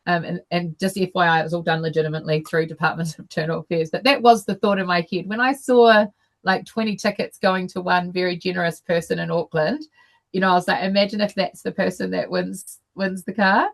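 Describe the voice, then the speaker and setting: Low, gravelly-voiced New woman. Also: fairly even intonation. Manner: unhurried, with many fillers and restarts. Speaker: guest speaker. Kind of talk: personal story told to an online meeting. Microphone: video call.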